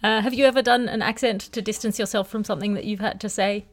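A woman's voice: mid-range voice, fairly even intonation, fast talker. A woman hosting a comedy panel podcast, quizzing guests with dry, wry quips. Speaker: podcast host.

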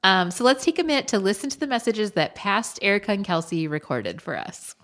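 A woman's voice: medium pitch, lively intonation, brisk, a bit bright. A woman in her thirties co-hosting a podcast, chatting reflectively and casually with plenty of "like" and "um". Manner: reflective, conversational, with fillers like "like" and "um". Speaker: podcast co-host. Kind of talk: casual chat.

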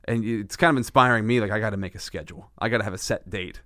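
A fairly low-voiced man hosting a podcast, chatting in a loose, animated way. He restarts sentences often and laughs easily. The sound is dry and close, with no room around it. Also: racing, dry recording. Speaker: podcast host. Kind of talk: casual conversation.

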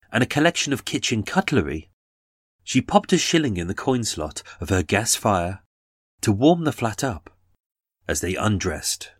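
A man's voice: on the low side, no room sound. A man giving dramatic scripted true-crime narration and dwelling on detail.

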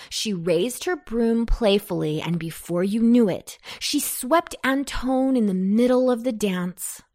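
A woman reading a children's story aloud in a gentle, unhurried way. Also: mid-range voice.

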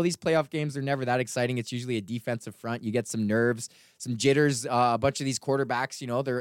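Guy ranting on his podcast, swears a lot, kinda high voice, smooth and dry close up. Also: dry recording. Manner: profane, rambling storytelling with laughs. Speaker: podcast host. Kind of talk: casual rant.

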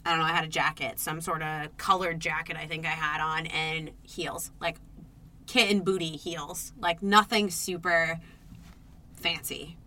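A young woman co-hosting a podcast, telling a dating story in casual chat, animated and swearing, acting out her own reactions. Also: fairly low pitch. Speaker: podcast co-host.

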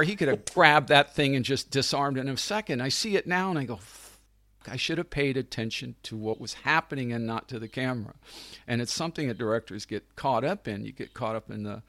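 Animated middle-aged man, dry close sound. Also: medium pitch, no echo. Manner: animated, acts out quoted people, laughs often. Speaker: guest, film writer and director. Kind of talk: casual anecdotal storytelling.

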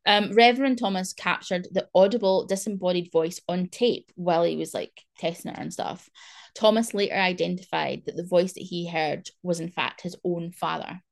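A woman's voice: fairly low pitch, fairly even intonation, moderate pace, vocal fry. A young woman hosting a podcast, chatting in a rambling way full of fillers. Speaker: podcast host. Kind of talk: casual chat.

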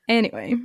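A woman's voice: fairly bright tone, no room sound, studio quality. Giggly Scottish woman co-host. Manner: giggly, rapid storytelling. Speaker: podcast co-host. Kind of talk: casual chat.

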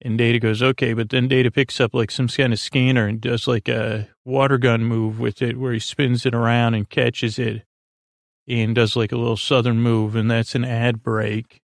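A man hosting a podcast, retelling an episode's scenes in a halting, rambling way with many fillers and restarts. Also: medium pitch, gravelly, no echo, studio quality. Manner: quick flat retelling of scenes and lines. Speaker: podcast host recapping an episode.

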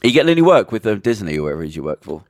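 A man co-hosting a casual podcast chat, animated and swearing freely as he tells stories. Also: on the low side, rapid-fire, dry recording, clean studio sound. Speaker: podcast co-host.

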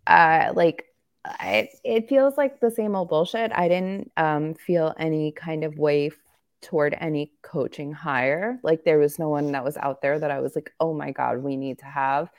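A woman co-hosts a sports podcast in a rambling, candid style, joking as she goes. Her voice sits low with a gravelly fry. A slight cough lingers in her throat. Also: unhurried. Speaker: podcast co-host. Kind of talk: casual sports chat.

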